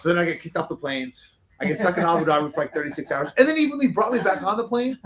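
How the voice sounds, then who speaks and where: A man telling casual, animated stories as a talk show guest, rambling with lots of fillers and restarts. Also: on the high side, quick pace, slight background noise.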